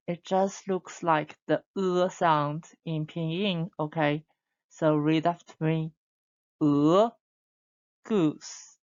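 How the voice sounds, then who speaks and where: A woman teaching a beginner Chinese lesson, modelling sounds slowly for learners to repeat. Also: low voice, dull audio. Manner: slow, drawn-out demonstration sounds for repeating. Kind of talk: online language lesson.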